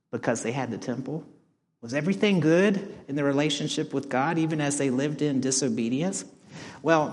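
A man pastor delivering a sermon, asking the congregation rhetorical questions and reading scripture aloud. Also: mid-range voice. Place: church sanctuary. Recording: long church reverb.

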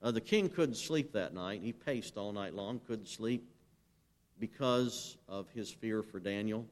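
A man's voice: fairly low pitch, a little slow. A man preaching a sermon as pastor, emphatic and direct. He asks the congregation to answer him and reads scripture aloud.

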